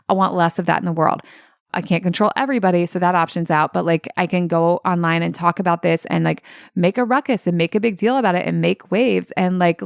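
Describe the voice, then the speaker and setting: Woman coach, solo podcast; low, gravelly voice, candid and profane, close and dry. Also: no echo. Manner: candid, animated, swears freely, says "like" often. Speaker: life coach and podcast host. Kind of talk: casual solo podcast talk.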